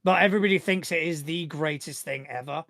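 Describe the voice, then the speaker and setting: Gravelly game master guy, kinda rambly with lots of ums, dry sound. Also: fairly high pitch, fast talker, no room sound. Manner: relaxed, rambling description with frequent fillers. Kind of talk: narrating a tabletop game.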